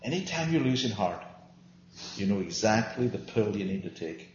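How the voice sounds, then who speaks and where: A man's voice: lowish voice, very animated, normal speed, slight background noise. Earnest man teaching scripture in a roomy space. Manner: earnest, emphatic, asks and answers his own questions. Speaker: Bible teacher. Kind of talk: small-group Bible teaching. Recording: roomy, dull lo-fi recording.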